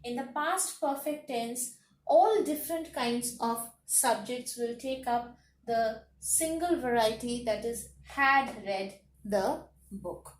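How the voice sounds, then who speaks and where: A woman teaching a grammar lesson, slowly listing words one by one and repeating her points. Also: high-pitched, distant mic, slight background noise. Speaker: English teacher. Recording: echoey room, voice off-mic.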